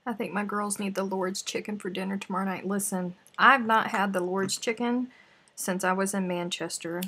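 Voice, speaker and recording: A woman with a twang chats casually with her livestream viewers, playful and talkative as she answers comments between snacks. Her voice has a husky, slightly breathy texture. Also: mid-range voice, steady tone, moderate pace, bright, forceful tone. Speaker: crochet livestream host.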